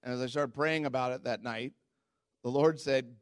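A man preaching a sermon as pastor, telling stories in a candid, self-mocking way and jumping into high squeaky voices when quoting people. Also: moderate pace, clear, resonant tone, dry recording, clean studio sound. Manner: animated storytelling, jumps into high squeaky voices for quotes.

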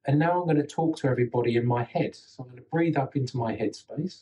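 A man hosting a spiritual podcast, talking in a calm, measured way while he walks the listeners through a demonstration. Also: medium pitch, low-quality recording. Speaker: podcast host.

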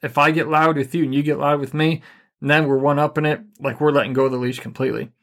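A middle-aged man co-hosting a podcast, giving relationship advice in a calm, even, deliberately unhurried way. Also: fairly high pitch. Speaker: podcast co-host. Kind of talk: casual advice chat.

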